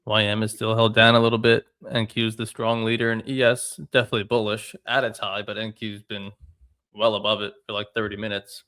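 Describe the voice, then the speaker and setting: A man's voice: on the low side, level tone, fairly quick, fairly bright tone. A man co-hosting a live trading stream, talking plainly and matter-of-factly about markets, with mild swearing. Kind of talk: casual live-stream chat.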